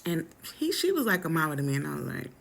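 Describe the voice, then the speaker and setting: Young woman vlogger, lowish gravelly voice, lively slangy storytime delivery. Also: fast. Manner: animated, dramatic retelling with slang. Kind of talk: casual storytime chat.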